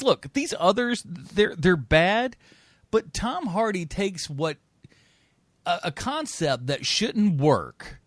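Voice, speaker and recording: A man hosts a movie podcast in casual chat, his voice a bit high and swinging widely in pitch. He jokes and ribs his co-hosts, often trailing off quietly at the end of a line. The sound is dry and close. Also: no room sound. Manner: animated, jokey, trails off quietly. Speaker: podcast host.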